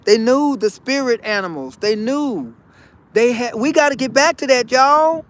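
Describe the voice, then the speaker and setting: A vlogger with a notably high voice speaks directly to viewers in a loose, preachy, casual spiritual monologue, a little slowly. He's folksy and animated, circling back over his own phrases and sprinkling in "honey" and "y'all."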